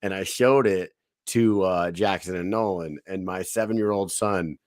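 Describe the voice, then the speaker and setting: A man co-hosting a fight podcast in loose banter. His voice sits low and he swears and jokes freely. The sound is dry and close. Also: moderate pace, no room sound. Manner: profane, joking, excitable. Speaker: podcast co-host. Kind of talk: casual chat.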